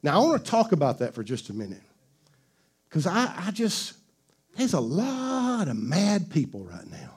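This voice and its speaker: A male pastor with a notably high voice preaches in an easy, conversational way. He chuckles often and keeps prompting the congregation to answer back. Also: wildly swooping pitch, moderate pace, breathy edge. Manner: conversational, laughing, call-and-response with the congregation. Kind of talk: sermon.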